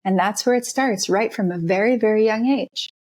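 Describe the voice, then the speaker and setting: A woman's voice: mid-range voice, moderate pace, darkish tone. Woman, podcast guest; emphatic, repeats phrases for weight, conversational. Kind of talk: conversational interview.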